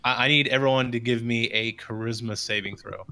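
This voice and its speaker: A man running a tabletop game as game master, narrating in a halting way with many restarts. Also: medium pitch, steady tone, pushed and bright. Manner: halting, restarts while describing.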